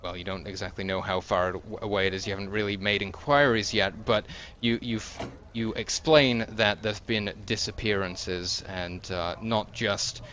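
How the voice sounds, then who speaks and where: A man narrating a tabletop game as game master, with a halting delivery full of pauses and restarts. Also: on the low side, steady tone, fairly bright tone, slight background noise. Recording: dull lo-fi recording.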